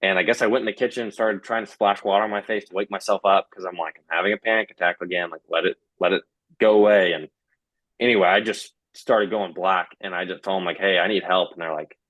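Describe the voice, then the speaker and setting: A man's voice: sits low, fairly even intonation, fast talker, pushed and bright, no echo. A young man casually recounting a personal story, full of fillers and quoted back-and-forth. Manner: conversational, many fillers and quoted dialogue. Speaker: guest telling his story.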